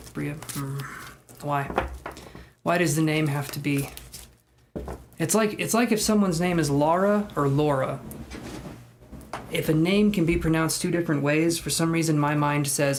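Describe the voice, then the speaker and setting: A man's voice: a little high, steady tone, normal speed, a little hiss or hum. Chatty man giving a live tarot reading. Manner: chatty and self-deprecating, with joking asides. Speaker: tarot reader.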